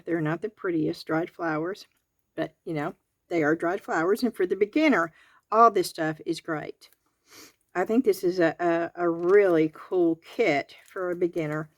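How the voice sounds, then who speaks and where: Southern woman, low-ish voice, unhurried folksy crafting host, garage setting. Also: dry recording. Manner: chatty, homespun, counts items aloud. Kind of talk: real-time product review and tutorial. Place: home garage.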